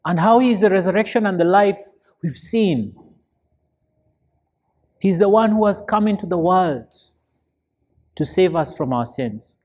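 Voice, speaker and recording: Male deacon, church Bible study; slow, deliberate delivery, emphatic, draws answers from the congregation. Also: high-pitched, animated, a little mellow. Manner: asks the listeners fill-in questions; earnest, emphatic preaching.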